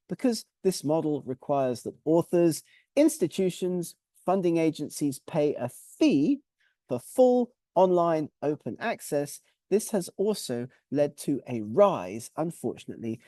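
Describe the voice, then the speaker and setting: A man presenting a publishing webinar, explaining step by step in a clear, methodical way, with lists and recaps. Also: a little high, dark tone, dry recording, studio quality.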